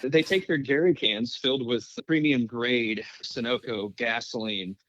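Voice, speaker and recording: A man co-hosting a podcast, adding to an improvised comedy plot in a deadpan, halting way. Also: medium pitch, highs cut off. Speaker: podcast co-host.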